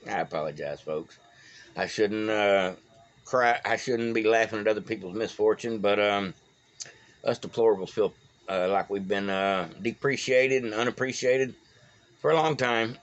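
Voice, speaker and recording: A man's voice: fairly low pitch, normal speed, dull audio. A man with a Texan accent, talking casually in a rambling, folksy way as a political vlogger. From Texas. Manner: rambling, folksy, stumbles over names. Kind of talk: casual solo commentary. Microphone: phone.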